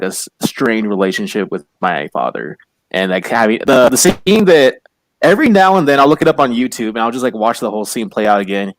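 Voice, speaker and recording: A low-voiced man speaking earnestly and a little haltingly in a casual discussion. He leans on fillers as he gathers his thoughts. The recording is dry and close. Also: no echo. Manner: earnest, hesitant, many fillers. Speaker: co-host.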